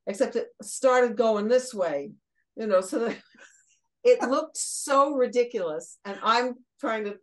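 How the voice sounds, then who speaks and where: An older woman from Brooklyn, a guest on an interview, telling lively anecdotes, laughing mid-sentence and acting out what people said. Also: a little high, low-quality recording. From Brooklyn, USA. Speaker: guest, former children's TV host. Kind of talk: casual storytelling interview.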